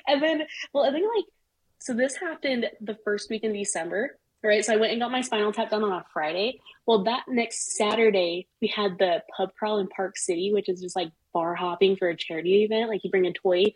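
A middle-aged woman telling a personal story in casual chat, animated and swearing freely. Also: mid-range voice, brisk, slightly rough, rough recording. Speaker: guest.

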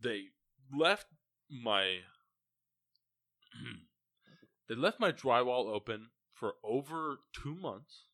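A man's voice: medium pitch, lively intonation, very slow, long pauses, bright, forceful tone, dry recording. Profane young man ranting casually. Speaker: podcast co-host. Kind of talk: casual chat.

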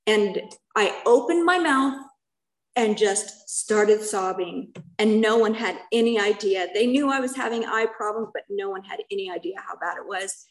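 A woman's voice: mid-range voice, moderate pace, poor audio. A middle-aged woman giving a personal testimony at a recovery meeting, earnest and conversational, often checking in with her listeners.

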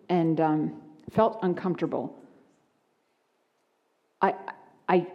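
A woman pastor preaching a sermon, moving between hushed, quiet lines and lively, animated ones. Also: lowish voice, big-room sound. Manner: expressive, shifts from hushed to lively. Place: church sanctuary.

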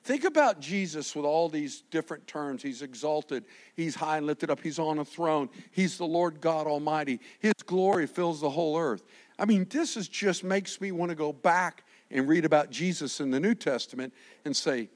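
A pastor preaching a lively sermon, acting out the quotes he reads and swinging from shouts to quiet asides. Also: on the high side, moderate pace. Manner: animated, swings from shouting to soft, acts out quotes.

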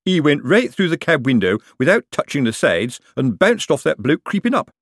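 A man's voice: fairly high pitch, sing-song, moderate pace, breathy edge, no room sound, studio quality, pitched above the performer's own voice. A man voicing a pompous, gloomy middle-aged police sergeant who lectures his partner like a know-it-all. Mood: pleased.

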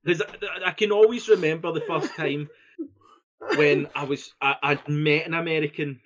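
A man's voice: fairly high pitch, steady tone, normal speed, fairly bright tone, slight background noise. Swearing Scottish man, casual podcast chat. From Scotland. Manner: laid-back, swears freely, laughs often. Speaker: podcast co-host.

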